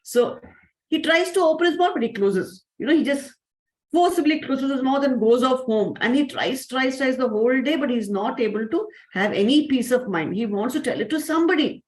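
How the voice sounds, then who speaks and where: Animated Indian woman telling a story. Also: sits high, moderate pace, roomy sound, low-quality recording. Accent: Indian English. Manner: animated, acts out voices of the characters. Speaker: storyteller and spiritual teacher. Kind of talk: storytelling to children in an online session.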